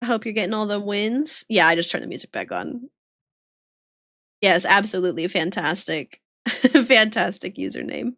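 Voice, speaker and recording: A woman's voice: mid-range voice, expressive, moderate pace, fairly bright tone, no echo, clean studio sound. A woman streamer chatting casually with viewers while drawing, giggling often and greeting people by name. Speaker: livestreamer drawing art. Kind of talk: casual livestream chat.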